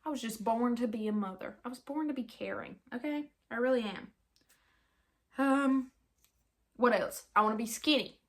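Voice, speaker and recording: Speaking at normal speed in a fairly high voice, a nineteen-year-old podcast host chats alone in a loose, rambling way. She giggles, teases herself, and puts on an accent here and there.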